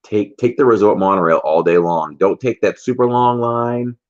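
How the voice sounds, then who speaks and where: A man's voice: fairly low pitch, normal speed. A man co-hosting a casual livestream, telling teasing stories and laughing often. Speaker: livestream co-host. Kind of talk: casual chat. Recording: dull lo-fi stream audio.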